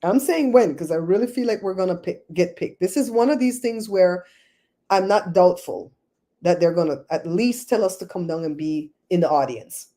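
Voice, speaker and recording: A woman's voice: fairly low pitch, expressive, normal speed, dark tone. A woman hosting a casual livestream, chatting with viewers by name and laughing often. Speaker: livestream host.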